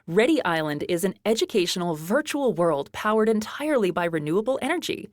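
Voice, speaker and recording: A woman co-hosting a podcast, friendly and playful as she trades lines with her partner. She speaks at a mid pitch in a close, dry studio. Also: big pitch swings, fairly quick, no echo. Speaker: podcast co-host. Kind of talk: semi-scripted podcast chat.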